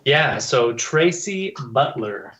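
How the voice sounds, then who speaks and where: A man's voice: mid-range voice, very animated, slow, fairly bright tone, a little hiss or hum, rough recording. A man appearing as a guest illustrator, talking easily and laughing often. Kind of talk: casual interview chat.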